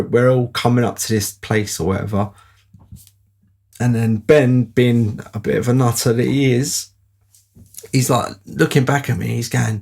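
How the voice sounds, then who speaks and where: A man's voice: mid-range voice, vocal fry, darkish tone, breathy edge. A man telling a rambling personal anecdote in a casual way. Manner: rambling, with fillers and laughs. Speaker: storyteller.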